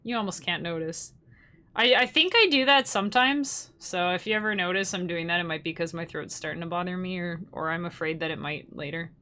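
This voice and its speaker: Bright-voiced chatty woman streaming. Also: on the low side, fairly quick. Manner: chatty and rambling, often laughing. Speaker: musician streaming live to supporters. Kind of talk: casual livestream chat.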